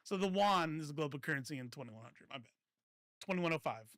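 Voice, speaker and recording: A man with a fairly high voice hosts a casual political livestream, talking loosely and cursing as he goes. He often stops to correct himself and breaks into laughter. The sound is dry and close, with no room around it. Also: brisk, a bit bright, no room sound. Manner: rambling, self-correcting, laughs often, swears freely. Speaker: political commentary streamer.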